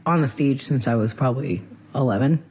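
Fast, rambling man with dull sound. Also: mid-range voice, darkish tone, husky. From central Massachusetts. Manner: rambling, quick, with many restarts. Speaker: singer, interview guest. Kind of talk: casual interview.

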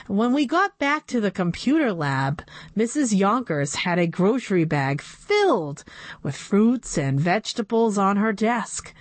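A woman's voice: mid-range voice, no echo. A woman narrating a children's book in a playful first-person storytelling voice. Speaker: audiobook narrator.

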